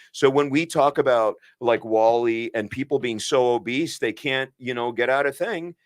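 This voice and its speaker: A man's voice: medium pitch, normal speed, hardly any pauses, no echo, clean studio sound. A man co-hosting a podcast as a physician, speaking earnestly and emphatically, often restarting his sentences. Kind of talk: impassioned podcast conversation.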